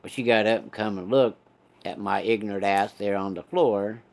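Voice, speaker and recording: A man's voice: lowish voice, fairly even intonation, moderate pace, gravelly. A man spins a casual tale. His delivery is folksy and laid-back, with plenty of swearing. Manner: folksy, profane, laid-back drawl of a storyteller. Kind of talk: casual storytelling.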